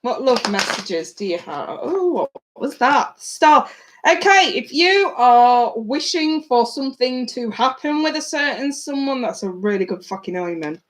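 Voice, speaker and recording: A woman runs a live tarot session for her viewers, her voice sitting a little higher than most. She talks to them in a chatty, blunt way and swears casually. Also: lively intonation, measured pace, background noise. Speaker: tarot reader. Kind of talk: live-stream tarot reading.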